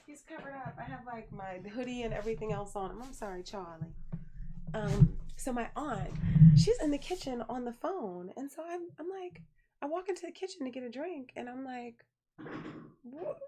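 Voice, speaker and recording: A young adult woman chatting casually on a live stream, telling a family story in an animated way and thanking viewers by name. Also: a little high, normal speed, a little hiss or hum. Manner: chatty, animated storyteller who reads viewer messages aloud.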